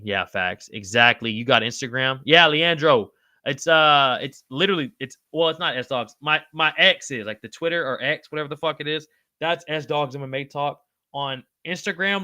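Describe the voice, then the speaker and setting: A man with a smooth voice hosts a livestream on a dry recording. He chats casually, swears freely, and reads and answers viewer comments by name, his pitch jumping high when he gets excited.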